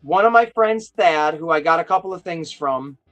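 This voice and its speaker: A man with a notably high voice hosts a casual live stream and rambles through his stories with eager excitement. Faint music plays underneath him. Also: normal speed, muffled recording. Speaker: host of a toy chat live stream. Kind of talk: casual chat.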